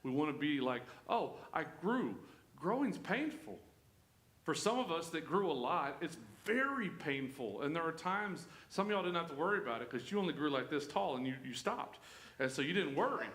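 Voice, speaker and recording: A man teaching a Bible study in a loose, joking, conversational way, his voice sitting a little high. The room rings with echo around him, as it would in a church hall. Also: a little fast. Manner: folksy, joking, animated. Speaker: pastor leading Bible study. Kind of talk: conversational sermon. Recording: echoey room.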